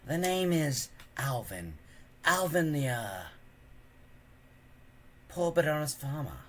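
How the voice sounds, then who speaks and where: A man voicing a charming, scheming stranger in a storybook reading, in a suave, smooth manner. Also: fairly high pitch, sing-song, slow, slight background noise.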